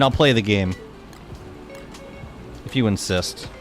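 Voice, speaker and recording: A man in his thirties streaming a game, chatting casually and excitably with many restarts. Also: medium pitch, moderate pace, faint music behind. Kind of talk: casual live-stream chat.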